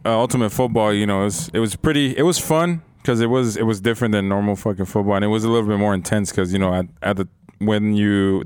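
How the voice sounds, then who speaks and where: A man's voice: fairly low pitch, smooth, dry recording, clean studio sound. Profane laughing young man telling stories. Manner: profane storytelling, laughs often, acts out quotes. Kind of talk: casual chat.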